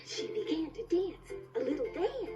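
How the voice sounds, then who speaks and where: A young woman storyteller telling a children's tale on a kids' TV show in a playful, expressive, sing-song way. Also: extremely high pitch, moderate pace. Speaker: visiting storyteller. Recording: dull TV soundtrack with music.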